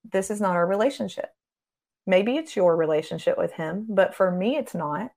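Woman, guest minister, impassioned preaching, urgent then hushed, calls out to listeners. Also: medium pitch, expressive, creaky. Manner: impassioned, shifts between urgent and slow hushed delivery. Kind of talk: preaching in a podcast interview.

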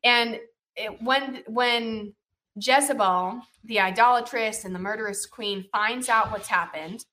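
Woman, Bible teacher, bright voice, conversational storytelling, fillers, checks in with the listener. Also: on the high side, a little slow, a little hiss or hum. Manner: chatty, full of fillers like "you know" and "like"; checks in with the listener with "right?" and "okay?".

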